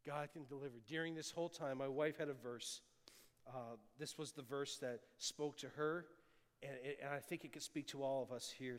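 A man, a pastor, preaching a sermon and sharing his own testimony, moving between loud appeals and hushed, tender lines. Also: medium pitch. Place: church sanctuary. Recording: long church hall reverb.

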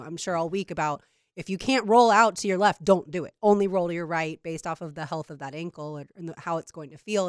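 A woman co-hosting a sports talk show, giving thoughtful, steady football opinions. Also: fairly low pitch, no room sound, clean studio sound. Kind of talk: casual sports analysis.

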